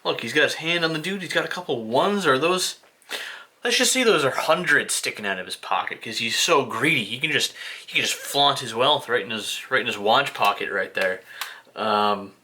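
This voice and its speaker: This US vlogger talks through his CD collection with animated, moderately paced commentary in a bright, forceful mid-range voice. He rambles, jokes at his own expense, and occasionally adopts playful put-on voices, with a little hiss or hum in the audio.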